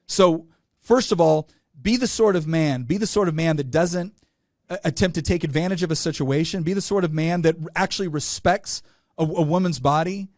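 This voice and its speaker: A man with a fairly high voice speaks with forceful indignation, hammering his points home with repetition. The sound is close and dry, with no room around it. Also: no room sound. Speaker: guest, state delegate. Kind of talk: passionate interview talk.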